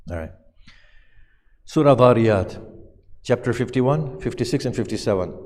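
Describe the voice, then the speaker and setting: In a dark, medium-pitched voice, a man delivers a Muharram lecture on Quranic verses, reciting them, translating them, and posing questions to his listeners. The recording carries a long hall reverb.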